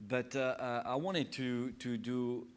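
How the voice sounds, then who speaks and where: A man's voice: mid-range voice, fairly even intonation, a little slow, smooth. A man from France with a French accent, a chef sharing anecdotes in an interview, hesitant and full of fillers. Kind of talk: interview conversation.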